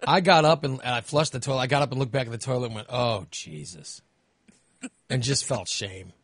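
A man's voice: medium pitch, quick pace, fairly bright tone, no room sound. A man co-hosting a casual comedic podcast, telling stories animatedly and acting out his own reactions. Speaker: podcast co-host.

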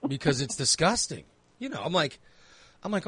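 A man's voice: on the high side, big pitch swings, normal speed, bright, forceful tone, breathy edge, dry recording. A man telling crude comedic stories in casual chat, acting out quoted lines in a raised voice.

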